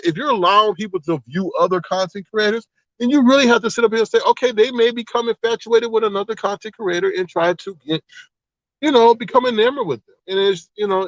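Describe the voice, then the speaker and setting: A man hosting a livestream, chatting casually in a rambling, animated way, exclaiming and laughing often. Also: high-pitched, no echo. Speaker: livestream host. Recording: slightly dull, dry sound.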